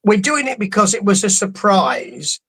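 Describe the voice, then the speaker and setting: A man's voice: sits high, big pitch swings, normal speed, fairly bright tone, husky, poor audio. A man co-hosting a boxing podcast, talking in a rambling, amused way with frequent restarts. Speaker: podcast co-host. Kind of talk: casual boxing podcast chat.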